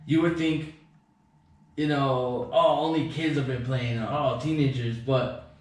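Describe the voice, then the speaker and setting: A man's voice: medium pitch, steady tone, measured pace, distant mic. A young man as a podcast guest, telling rambling stories in casual, profane chat with joking boasts. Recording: echoey room, voice off-mic.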